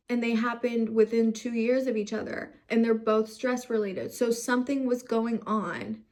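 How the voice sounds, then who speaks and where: A woman's voice: a little high, a little mellow. A young woman from the United States tells her own story to camera, frustrated and close to tears, swearing as her emotions rise. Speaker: vlogger.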